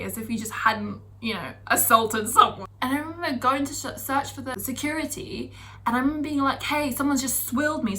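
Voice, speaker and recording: A young woman from the UK telling stories from her year abroad in a chatty vlog style, full of fillers. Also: a little high. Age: young adult. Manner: chatty, animated, lots of fillers. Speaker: vlogger. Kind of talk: casual storytelling.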